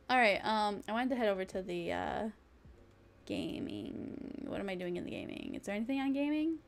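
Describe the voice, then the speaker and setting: A young woman vtuber chats casually and playfully on a live stream, rambling and now and then slipping into silly sing-song. Her mid-range voice is gravelly and swings widely in pitch at a normal speed, and she pauses often.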